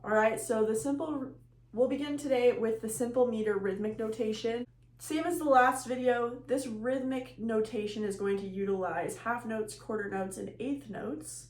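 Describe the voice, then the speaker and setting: Counting beats aloud, a woman lectures on rhythm terms in plain words as a music teacher. Her voice is fairly high and darkish at a moderate pace, recorded in an echoey space with faint hum.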